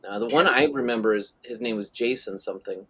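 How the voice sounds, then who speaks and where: A man's voice: on the low side, fast talker, pushed and bright, breathy edge. A middle-aged man hosting a live drawing stream, chatting casually and reading out viewer messages. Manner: rambling, reads chat messages aloud. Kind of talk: casual chat while drawing.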